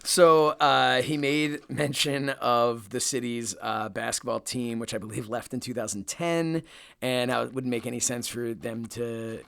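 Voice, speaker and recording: A man's voice: medium pitch, fairly even intonation, measured pace, creaky, a bit bright, smooth, no echo. A young man co-hosting a podcast in casual chat, who laughs often and rambles with plenty of fillers. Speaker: podcast co-host.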